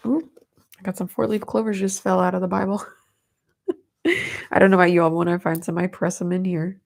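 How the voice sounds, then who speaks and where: Tearful, earnest woman with a gravelly edge. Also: medium pitch. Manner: earnest, emotional, easily moved to tears. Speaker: host of a Christian livestream. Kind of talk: devotional Bible reading and chat.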